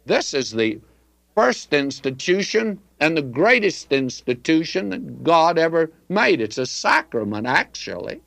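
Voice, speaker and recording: Older male Bible teacher, unhurried, swinging pitch, dry close sound, folksy and emphatic. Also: sing-song, vocal fry, a bit bright, no echo. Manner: folksy, emphatic preaching with old-fashioned phrasing.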